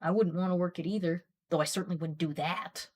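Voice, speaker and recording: A woman streamer chatting casually and telling a long story, getting animated and worked up as she rambles. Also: fairly low pitch, fast talker.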